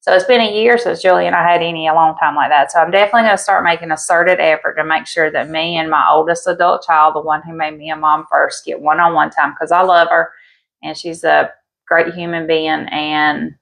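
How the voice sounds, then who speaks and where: Woman in her 40s, gravelly and lowish, candid joking podcast co-host. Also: steady tone, brisk, fairly bright tone, poor audio. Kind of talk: casual chat.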